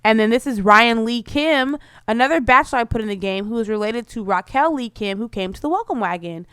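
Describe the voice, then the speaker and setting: A woman's voice: on the high side, animated, a little fast, a bit bright, clean tone, no echo, clean studio sound. A woman giving casual, bubbly commentary over her life-simulation gameplay, full of "like" fillers. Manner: chatty, bubbly, lots of "like" fillers.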